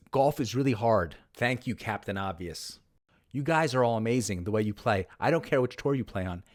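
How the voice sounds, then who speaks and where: A man hosting his own golf channel, telling a story and reading posts aloud in a sarcastic, mock-dramatic way. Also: mid-range voice. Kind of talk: narrated commentary reading tweets aloud.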